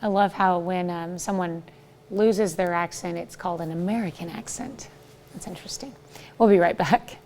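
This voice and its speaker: A woman anchoring a morning newscast, introducing a story and adding relaxed, wry comments. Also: on the low side, normal speed, a little hiss or hum. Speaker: news anchor. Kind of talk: news anchoring.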